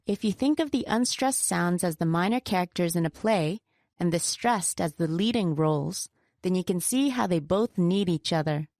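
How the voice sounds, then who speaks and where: A woman co-presenting a scripted pronunciation lesson, slowing down to stress example words with care. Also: lowish voice, animated, a little mellow, dry recording, clean studio sound. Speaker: pronunciation teacher.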